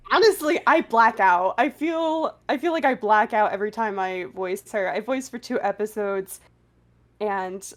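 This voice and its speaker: A woman voice actor in a casual panel interview, chatty and giggly, with lots of fillers, talking over a remote call. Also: mid-range voice.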